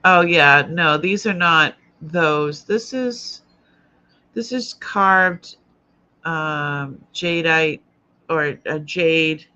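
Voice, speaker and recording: Speaking extremely slowly in a low, sharp, clean-toned voice, a woman with an old Boston accent hosts a live jewelry sale. She chats casually, thinking aloud as she handles each piece. The recording has its highs cut off.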